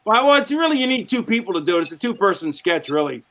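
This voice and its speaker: A man's voice: high-pitched, sing-song, fast talker, fairly bright tone. A man chatting as a guest on a podcast, rambling and tripping over his words now and then. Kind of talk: casual chat.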